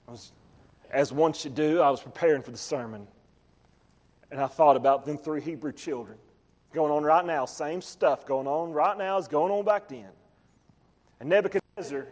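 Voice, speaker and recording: A man preaching a sermon as pastor, swinging from quiet, low asides to loud, rising calls. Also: big-room sound.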